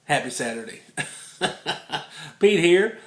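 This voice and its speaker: A man's voice: fairly high pitch, expressive, slow. A man from Tennessee with a Southern US accent, giving a casual, rambling, good-humored ukulele book review from a room indoors. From Tennessee, United States. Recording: roomy echo in a room.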